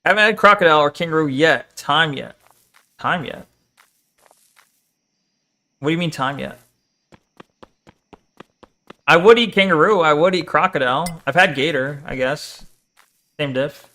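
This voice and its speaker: A man's voice: fairly high pitch, a little slow, long pauses, bright, forceful tone. A man casually chatting and joking while streaming a game, reading chat aloud and swearing now and then. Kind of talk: casual live game commentary.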